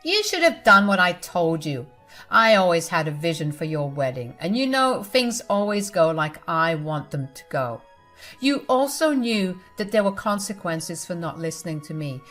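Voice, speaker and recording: Woman putting on a bossy controlling mom, patronizing and cold, lowish voice, faint music behind. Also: very animated, moderate pace, fairly bright tone. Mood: scornful. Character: controlling, patronizing middle-aged mother.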